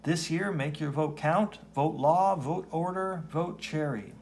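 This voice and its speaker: A man's voice: fairly high pitch, a little slow, a little mellow, slight background noise, pitched above the performer's own voice. A man playing a grandiose announcer reading a campaign advertisement in a comic. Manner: grand, salesy announcer delivery. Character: booming male campaign-ad announcer.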